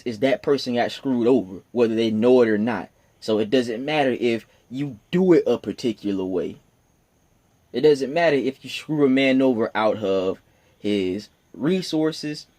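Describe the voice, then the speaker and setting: A young man in his twenties rants on his own in the early morning. His talk rambles and stumbles and swears a lot. He jumps from loud, high, emphatic bursts to low asides he mutters. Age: 20s. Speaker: podcast host. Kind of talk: solo morning rant.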